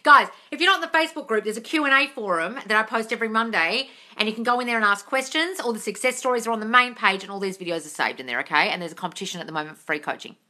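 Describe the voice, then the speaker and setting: A woman's voice: fairly high pitch, rapid-fire, hardly any pauses, sharp tone. A woman hosting a casual livestream Q&A as a manifesting coach. She answers viewer comments bluntly, swears freely and calls her listeners darling. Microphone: phone livestream.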